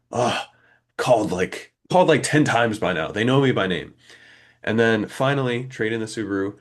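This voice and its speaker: On a laid-back podcast, a co-host in his twenties relates a long tale with a fairly low pitch and moderate pace. He brings it to life by acting out the dialogue between the people involved.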